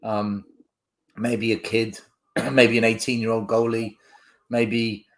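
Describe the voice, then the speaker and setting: A man's voice: on the low side, flat delivery, takes it slowly. A man co-hosting a casual football podcast, emphatic and sweary, with frequent laughter. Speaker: podcast co-host, youth football coach.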